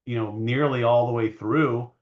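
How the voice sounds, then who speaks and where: A man's voice: mid-range voice, fairly even intonation, normal speed, lo-fi sound. A man hosting a market show, giving casual commentary over charts, rambling and hedging with fillers and self-corrections. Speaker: market analyst host.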